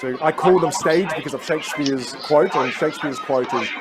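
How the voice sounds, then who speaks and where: A man coaching on communication at a live seminar. He acts out inner voices with big jumps in pitch. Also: moderate pace, a loud crowd, heavy background noise.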